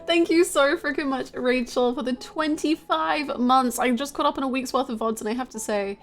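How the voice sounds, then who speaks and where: Woman, high voice, giggly, chaotic, casual stream chat, faint background music. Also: normal speed, few pauses. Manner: giggly, chaotic, playful, greets chat by name.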